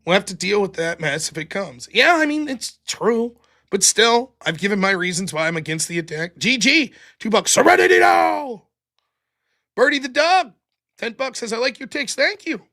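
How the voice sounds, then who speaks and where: Sarcastic male stream host, bright voice, bouncy delivery, reads chat messages aloud. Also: high-pitched, normal speed. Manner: sarcastic and animated, mocking repetition. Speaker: livestream host. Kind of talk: live-stream commentary reading viewer messages.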